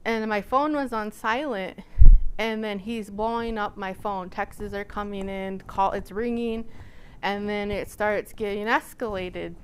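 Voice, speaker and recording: A woman from Nebraska giving a lecture by telling a personal story, animated and acting out the dialogue she recounts. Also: medium pitch, a little slow, a little hiss or hum. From Nebraska, USA. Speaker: guest lecturer.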